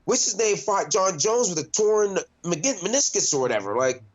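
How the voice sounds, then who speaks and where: This young fighter's voice sits high and sounds very animated, moving at a moderate clip through a casual interview. Profane and blunt, he restarts sentences often and peppers everything with "like," all captured on a dull, lo-fi recording.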